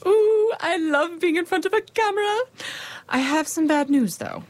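A woman playing a vain, bossy company manager in an audio drama, brisk and self-important. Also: high-pitched, sing-song, slightly rough, exaggerated voice.

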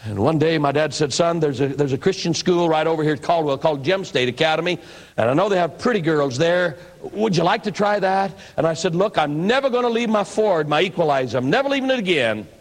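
An older preacher from the American Northwest recounts his testimony in a folksy, storytelling way. His voice sits a little higher than most men's. He acts out the people in his story as he talks. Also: animated, fast talker, poor audio. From northwestern United States. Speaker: pastor and evangelist. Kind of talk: personal testimony sermon.

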